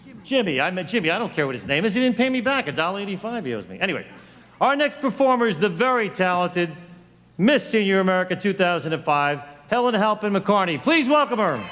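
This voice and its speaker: High, animated male emcee with a Long Island accent, joking, in a reverberant hall. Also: quick pace. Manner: joking banter. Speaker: master of ceremonies. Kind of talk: emcee introducing acts. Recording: echoey hall.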